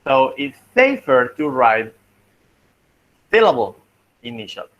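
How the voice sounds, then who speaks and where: A man teaching a linguistics class, talking slowly and thinking aloud as he works through examples. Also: medium pitch, sing-song, dull audio. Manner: slow, thinking aloud while writing, frequent "okay" and "let me see". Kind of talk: online class lecture.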